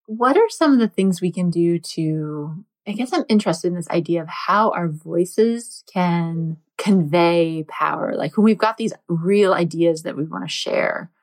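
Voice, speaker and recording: A woman's voice: lowish voice, expressive, measured pace, few pauses, a little mellow. A woman interviewing a guest, asking conversational questions with casual fillers. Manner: chatty, uses fillers like 'like' and 'you know'.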